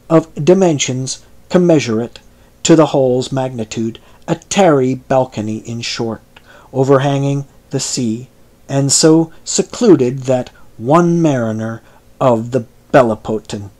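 Slow, measured male audiobook narrator. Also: mid-range voice, a little mellow. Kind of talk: scripted narration.

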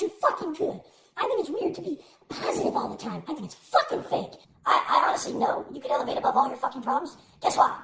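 A man voicing a shrill, whiny musclebound male life coach who spits profane tough-love insults. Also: gravelly, heavily acted. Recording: echoey room with loud background noise.

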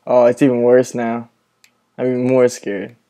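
A man talks into a headset from his room at night as he reacts to a horror game. His voice is mellow and rounded, sitting at an average pitch. He sounds jumpy and nervous, swears a lot, and keeps talking to the friend he is playing with. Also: monotone, normal speed. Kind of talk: casual gaming commentary. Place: room at home with the lights on, at night.

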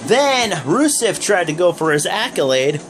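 A man's voice: high voice, sing-song, moderate pace, music in the background. A young man hosting a wrestling review vlog, recapping casually in a rambling, joking way with lots of fillers. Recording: noisy background hum.

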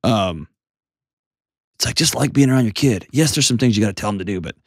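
A man's voice: lowish voice, animated, brisk, vocal fry, dry recording, clean studio sound. A man hosting a call-in advice show, coaching a caller in a direct, earnest way. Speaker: host giving advice.

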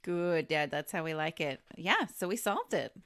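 A woman's voice: deep voice, lively intonation, moderate pace, fairly bright tone. A woman co-hosting a podcast, chatting casually about a movie and swearing freely. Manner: chatty, swears, laughs easily. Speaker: podcast co-host. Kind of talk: casual movie recap chat.

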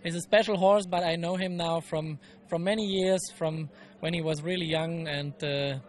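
A man event rider interviewed after winning. He speaks in simple phrases and repeats himself, stacking up words like "very, very." His voice sits slightly above the usual pitch for a man. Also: fairly even intonation, normal speed. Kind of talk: post-competition interview.

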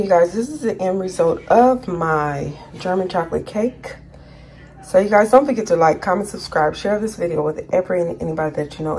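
A woman's voice: lowish voice, a little mellow, slight background noise. Chatty woman rambling through a cooking vlog. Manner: chatty, rambling, stumbles over words. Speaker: cooking channel host. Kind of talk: casual cooking vlog chat.

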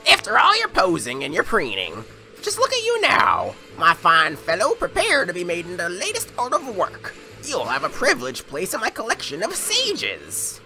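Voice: mid-range voice, wildly swooping pitch, normal speed, music in the background, pitched above the performer's own voice. Gamer putting on a haughty sorcerer villain. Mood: gloating. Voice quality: haughty, theatrical. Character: pompous male sorcerer villain, vain art collector. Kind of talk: reading game dialogue aloud.

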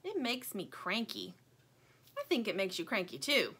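A woman voicing a timid, curious male toy buffalo in a storybook, asking hesitant questions in a high, small voice. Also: huge pitch swings, moderate pace, bright, forceful tone, husky, full character voice. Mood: mild. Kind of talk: storybook character voice.

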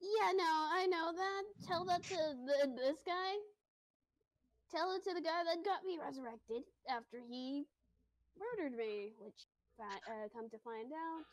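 A woman's voice: extremely high pitch, measured pace. A woman playing a tabletop game, flustered and stammering as she repeats herself. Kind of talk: casual in-character and table talk. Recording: noisy line with clicks.

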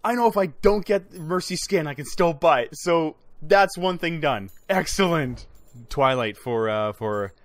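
A man giving excited, chatty commentary while opening game loot boxes, exclaiming loudly at good items and talking to his viewers. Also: on the high side, measured pace, no room sound. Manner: chatty, addresses viewers as guys. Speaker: gaming YouTuber.

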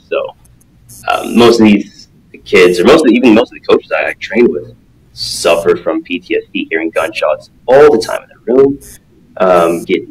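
A man talking as a guest in a casual podcast interview, a martial arts coach who speaks earnestly and acts out quotes in an animated way. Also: low voice, low-quality recording.

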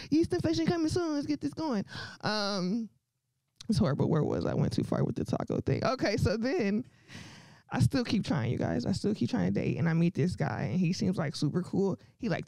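A woman works through a crude stand-up comedy set, brash and unfiltered, laughing often between her lines. Her pitch swings widely as she talks. The sound is dry and close, with no room around it. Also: big pitch swings, brisk, gravelly, dark tone, dry recording.

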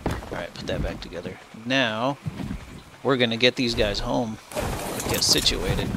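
A man's voice: medium pitch, unhurried. A man hosting a gaming channel, giving casual let's-play commentary and cooing baby talk at the animals he tames. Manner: chatty, coos baby talk at his pets. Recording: clear background noise with game sounds.

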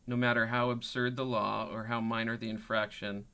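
A man running a tabletop role-playing game as game master, talking in a halting way with many fillers. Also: lowish voice, flat delivery, bright, forceful tone, clean tone.

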